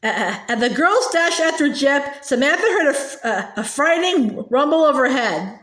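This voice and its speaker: A woman reading a children's book aloud, halting often with fillers and restarts. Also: high-pitched, animated, a bit bright. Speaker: reader. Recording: echoey room.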